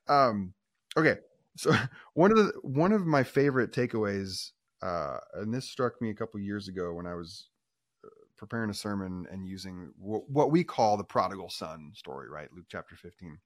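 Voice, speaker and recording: A man, a pastor and author, telling a story in a conversational interview, animated and given to restarts. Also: lowish voice, normal speed. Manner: animated, acts out quoted voices, self-restarting.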